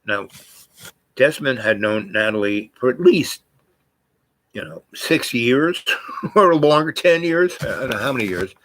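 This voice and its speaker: A man's voice: mid-range voice, animated, unhurried, long pauses, fairly bright tone, no room sound. A man telling a personal story in a casual, meandering way, full of fillers and restarts.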